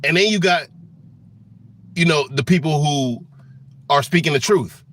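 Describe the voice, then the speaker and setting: A man's voice: a little high, measured pace, a bit bright. Profane, heated man ranting. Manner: profane, heated, many fillers and restarts. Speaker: political commentator. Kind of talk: angry political rant.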